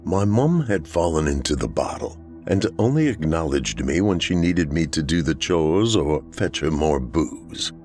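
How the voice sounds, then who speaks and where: A man with a very low voice reads a first-person horror tale in a somber, measured way. His pitch swings widely as he tells it. Soft music plays faintly underneath. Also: big pitch swings. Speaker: horror story narrator. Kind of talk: scripted horror narration.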